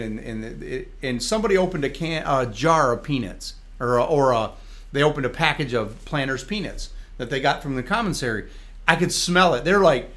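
A man from Michigan giving a lively spoken testimony on a faith program. He tells stories with big swings of energy, rising high and loud at the climaxes, and prays with conviction. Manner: animated storyteller, speaking in tongues. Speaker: reverend and guest. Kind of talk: testimony in a faith talk show.

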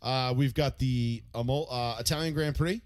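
A man's voice: medium pitch, moderate pace, dry recording. A man in his thirties from the United States, co-hosting a podcast in loose, profane, rambling casual chat full of fillers. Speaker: podcast co-host.

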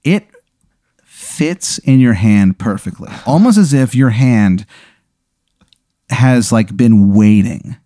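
A man's voice: medium pitch, expressive, slow, long pauses, mellow, dry recording, studio quality. A man running a tabletop game as game master, narrating scenes animatedly with crude humor.

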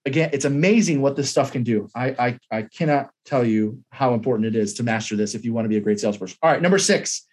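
A man's voice: medium pitch, fast, hardly any pauses, husky. A man teaching a sales training lesson, coaching emphatically, repeating himself and modeling script lines aloud.

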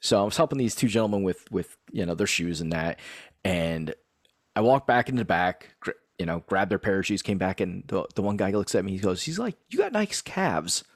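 A man in his thirties chatting casually as a podcast co-host, telling stories with animated delivery and frequent laughter. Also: low voice, fairly quick, no room sound, clean studio sound. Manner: animated storyteller who laughs often. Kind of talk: casual chat.

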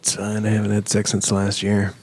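A man's voice: on the low side, completely flat delivery, normal speed, slightly rough. A man co-hosting a casual podcast, teasing and laughing with his friends. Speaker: podcast co-host. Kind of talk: casual banter.

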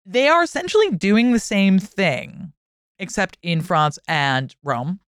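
Chatty woman historian, crisp dry voice. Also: medium pitch, animated, dry recording. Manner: chatty, swears freely, acts out historical figures in quick asides. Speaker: guest historian. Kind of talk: casual podcast chat.

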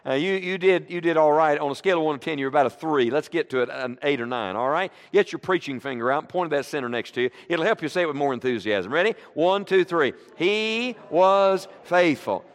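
A middle-aged man preaching a sermon to a congregation, leading call-and-response with an animated delivery. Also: fairly high pitch, quick pace, few pauses. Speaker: guest preacher. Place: church sanctuary. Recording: long reverb of a church hall.

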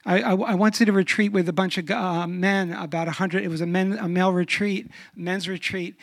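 A man's voice: sits high, creaky. Man preaching with rhetorical questions. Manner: rhetorical questions, drops to a hush for emphasis. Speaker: guest speaker on sexuality. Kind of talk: sermon with humorous stories.

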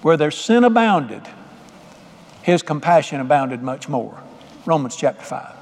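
A middle-aged man preaching in a fairly high voice, with a folksy storytelling manner and frequent questions to his listeners. The sound carries a long reverb, as in a big church hall. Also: sing-song, unhurried. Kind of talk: sermon.

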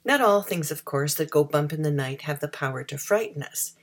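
A woman's voice: deep voice, animated, fairly quick. A woman hosting a program, adding wry, playful remarks after a reading. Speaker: radio host. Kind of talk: host commentary.

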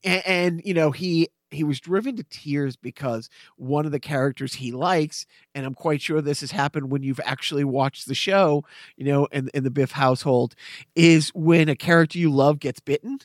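A man's voice: a little high, moderate pace, no room sound, studio quality. A middle-aged man co-hosting a podcast, talking casually and explaining things at length with small stammers. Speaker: podcast co-host. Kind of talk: casual chat.

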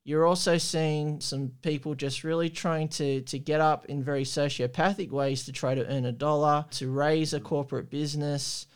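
A man from Australia hosting a podcast, speaking in a measured, thoughtful way and putting questions to his co-host. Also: a little high, flat delivery, smooth. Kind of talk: casual conversational commentary.

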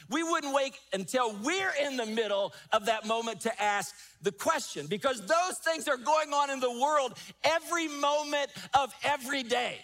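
A man's voice: very high-pitched, fairly bright tone. A man preaching a sermon as pastor, emphatic, rising and falling, repeating key phrases.

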